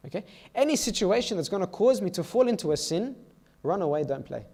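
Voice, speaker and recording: A man's voice: high voice, very animated, brisk, vocal fry, warm tone. A man giving a sermon to a youth meeting in a church, telling stories and often checking in with "okay?" and "all right?".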